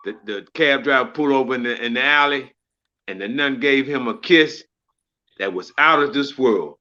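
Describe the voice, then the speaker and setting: A man casually telling jokes to friends in an animated storytelling manner. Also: medium pitch, normal speed, highs cut off. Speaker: joke teller.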